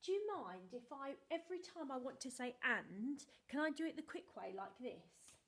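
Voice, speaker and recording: A woman teaching small children over video, her voice sitting a little on the high side. She talks in a bright, sing-song, animated way and speaks slowly and clearly so that little ones can follow. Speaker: primary school teacher. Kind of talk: remote video lesson for young children.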